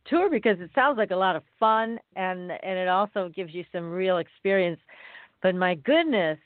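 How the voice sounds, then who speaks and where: A woman hosting a radio interview, reacting with quick agreement and asking her guest questions. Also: mid-range voice, no room sound. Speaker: radio show host. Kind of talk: casual phone interview. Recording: dry tinny phone line.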